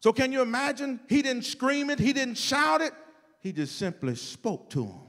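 Mężczyzna, gościnny kaznodzieja w kościele, wygłasza kazanie, raz wykrzykując, raz przechodząc w cichy szept, i zwraca się do zgromadzenia. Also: male voice, very high voice, animated, moderate pace. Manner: shouts then drops to a soft hush; calls to the congregation. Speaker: guest preacher. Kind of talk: sermon. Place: church sanctuary. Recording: long hall reverb.

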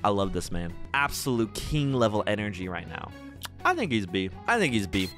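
A man's voice: fairly low pitch, big pitch swings, moderate pace, a bit bright, soft background music. A man talking casually as he ranks game characters, playful and rambling, with theatrical asides. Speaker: gaming YouTuber. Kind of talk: casual tier-list commentary.

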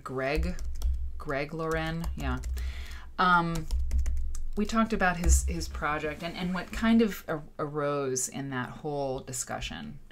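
A woman in her thirties hosts a quilting livestream from a home green-screen setup. She speaks in a lowish voice, animated and exasperated. She sprinkles in sarcastic asides. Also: takes it slowly, slight background noise. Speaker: quilt show host. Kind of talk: livestream talk.

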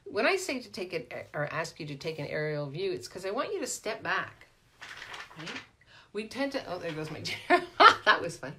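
A middle-aged woman with a somewhat low voice talks through a live coaching session. She is animated and chatty, tossing out "right?" and answering viewers as they come in. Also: moderate pace, slightly rough. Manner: animated, peppered with "right?", greets viewers by name. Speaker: life coach hosting a live Q&A. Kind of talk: casual live-stream coaching talk.

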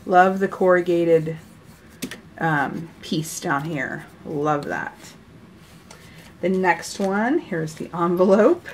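This middle-aged card-making YouTuber from the United States casually chats about cards she has mailed, gushing over her handmade greeting cards and laughing a lot. Her lowish voice is animated but slow, with long pauses. A little hiss or hum runs underneath.

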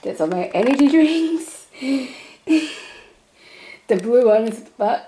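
A woman chatting casually to camera as a vlogger, giggling between phrases and rambling excitedly. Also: a little high, slow. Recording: roomy echo.

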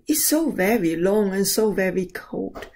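Brief: a sad, chilly giraffe, read by a woman, plaintive and slow. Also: medium pitch, lively intonation, darkish tone, slight background noise.

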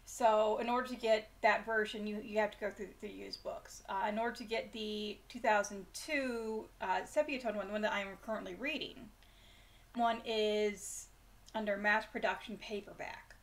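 A woman's voice: medium pitch, fairly even intonation, normal speed. A woman hosting a bedtime story channel, chatting casually and self-deprecatingly before reading a chapter aloud. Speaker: storyteller host.

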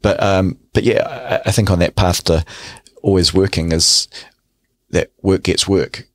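A very low, gravelly male voice in relaxed conversation. He speaks as a guest actor, thinking aloud and circling back over his words. The sound is close and dry, with no room around it. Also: measured pace, no room sound. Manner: reflective, repeats words as he builds a thought. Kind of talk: casual podcast conversation.

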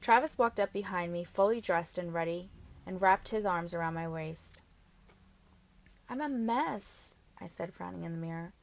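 A woman narrating a first-person romance novel in an even, quietly expressive reading. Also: on the low side, fairly quick, gravelly. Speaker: audiobook reader.

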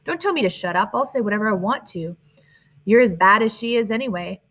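Brief: nasty teen boy picking a fight, read by a woman narrator, medium pitch. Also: animated, a little fast, a bit bright. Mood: hostile. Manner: hissing, contemptuous. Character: hostile teenage boy bully. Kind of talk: audiobook character reading.

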